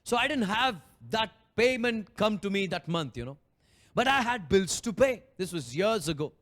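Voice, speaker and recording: A man's voice: high-pitched, lively intonation, moderate pace, fairly bright tone. A man preaching a sermon as pastor, telling a personal story with passion and acting out prayers and quotes.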